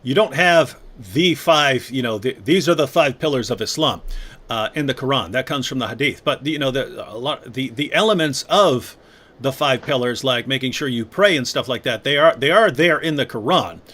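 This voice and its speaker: A man hosting a live online conversation, reading viewer questions and retelling stories with lively quoted voices. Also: medium pitch, normal speed. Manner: animated, acts out quoted voices. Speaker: host.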